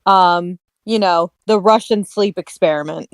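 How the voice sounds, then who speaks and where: A woman in her twenties tells a story in a chatty way, pausing on fillers. Her voice is smooth and clear, recorded dry. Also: on the low side, no echo. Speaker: podcast co-host. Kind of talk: casual storytelling.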